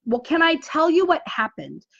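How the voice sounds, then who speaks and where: Woman coach w a high voice, motivational live stream talk, lots of "right?", kinda dull lo-fi sound. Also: big pitch swings, moderate pace, gravelly, a bit bright, no room sound. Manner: rhetorical questions, frequent "right?". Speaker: business coach. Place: indoors, dim room.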